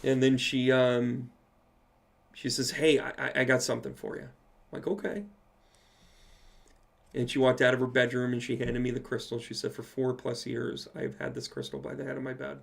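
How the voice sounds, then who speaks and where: A man with a gravelly edge to his mid-pitched voice tells a long personal story during a live question-and-answer session. He is a medium, animated and casual, and he drops the odd swear word. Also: a little fast. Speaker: psychic medium.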